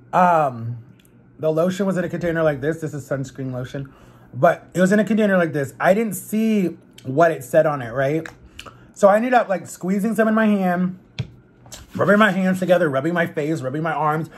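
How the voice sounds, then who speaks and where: Young male vlogger, husky and slightly high, casual animated storyteller talking to camera. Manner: chatty, animated retelling with quoted voices. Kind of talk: casual storytelling while eating.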